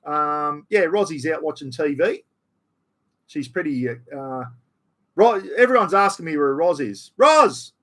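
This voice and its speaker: A man's voice: fairly high pitch, expressive, unhurried, a bit bright. A middle-aged Australian man hosting a live stream, rambling in casual chat full of slang. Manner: rambling, chatty, ocker slang.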